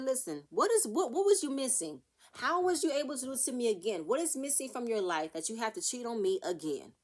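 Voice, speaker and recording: A young woman talks through a reality TV episode in a casual vlog recap. Her voice sits a little high, and she rants with real heat, slipping into the cast's quotes as she goes.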